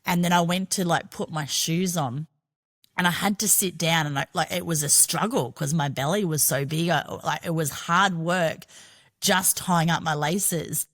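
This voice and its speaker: A woman's voice: low voice, normal speed, fairly bright tone. A middle-aged Australian woman telling her own story as a podcast guest, frank and chatty, swearing freely. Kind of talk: candid personal storytelling.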